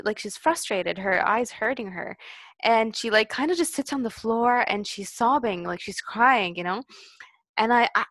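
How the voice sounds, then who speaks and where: A young woman co-hosting a casual chat, playful and giggly, with quick quoted asides. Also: a little high, a bit bright, no echo.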